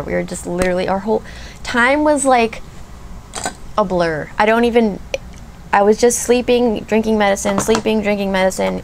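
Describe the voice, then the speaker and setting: A woman's voice: medium pitch, creaky, slight background noise. A woman in her thirties chatting casually while doing her makeup, rambling and gushing with lots of fillers. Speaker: beauty vlogger. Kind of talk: chatty get-ready-with-me vlog.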